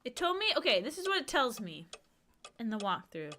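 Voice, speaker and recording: A woman's voice: fairly high pitch, very animated, brisk, bright, forceful tone, slight background noise. A young woman streaming a point-and-click game, chatting casually with her viewers and exclaiming at the puzzles. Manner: chatty, exclamatory, talks to chat. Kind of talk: casual livestream gaming chat.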